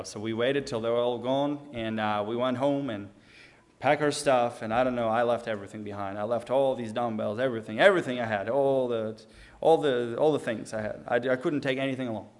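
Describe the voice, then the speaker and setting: Mężczyzna z ukraińskim akcentem, opowiada. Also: male voice, medium pitch, normal speed. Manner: earnest, frequent restarts, acts out quoted dialogue. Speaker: storyteller giving testimony. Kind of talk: personal testimony, casual storytelling.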